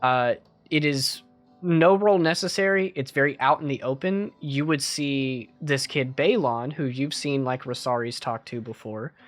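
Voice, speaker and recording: A man's voice: medium pitch, a little slow, soft background music. A man narrating as game master of a tabletop game, in loose, casual speech with many fillers.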